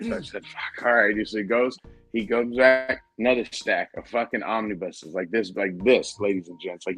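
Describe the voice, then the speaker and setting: Profane storytelling man, low voice. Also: a bit bright. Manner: profane, rambling anecdote with quoted dialogue. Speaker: podcast host. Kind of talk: casual storytelling.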